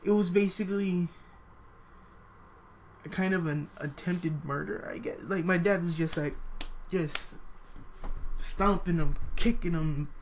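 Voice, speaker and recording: A young man telling a personal story in a halting, hesitant way, full of fillers, now and then jumping to a higher voice to quote people. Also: slight background noise. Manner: acts out quoted voices with sudden high pitch.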